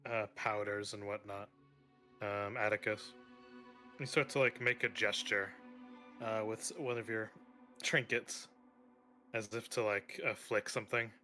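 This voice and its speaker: Slow, bright-voiced man running the game. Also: lowish voice, little pitch movement, faint music behind. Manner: slow, hesitant, laughs often. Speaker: game master. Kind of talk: narrating a tabletop game.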